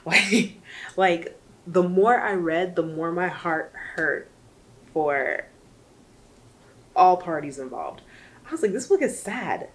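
A woman's voice: lowish voice, slow pace, long pauses, fairly bright tone. A woman reviewing a book in casual chat, chatty and emotional, rambling with lots of fillers.

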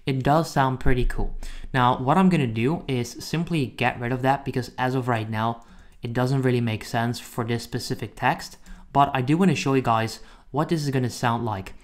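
A man talks through a software tutorial in a relaxed, conversational way, with a voice of middle pitch. He often stops to correct himself mid-sentence. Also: moderate pace. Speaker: software reviewer. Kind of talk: casual screen-recorded tutorial.

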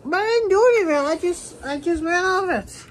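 A woman's voice: high-pitched, expressive, a little slow, a little hiss or hum, voice pushed up. A woman voicing a panicky young driver who stammers and pleads with a police officer. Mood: protesting.

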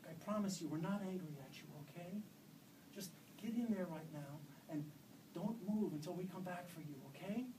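Anxious mother, comforting, raised pitch, man voicing, distant mic, faint hiss. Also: moderate pace, close to an everyday voice. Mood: soothing. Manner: soothing yet urgent. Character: worried, tender mother, adult woman.

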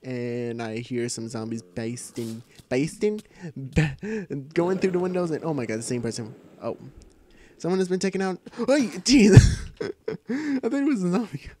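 A man giving excitable, live gameplay commentary, often repeating short calls. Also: medium pitch, normal speed. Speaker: gamer. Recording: noisy home recording.

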